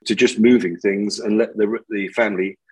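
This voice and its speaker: Husky bloke telling funny stories on a podcast, laughs a lot. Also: male voice, on the low side, steady tone, moderate pace, darkish tone, rough recording. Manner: chatty, laughs often, acts out voices in his anecdotes. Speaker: podcast guest, removals business owner. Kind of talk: casual storytelling chat.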